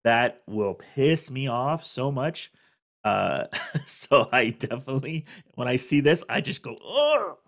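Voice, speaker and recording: A man's voice: mid-range voice, unhurried, creaky, fairly bright tone. A man in his thirties hosting a reaction video, chatting casually, restarting sentences, laughing and groaning. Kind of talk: casual commentary.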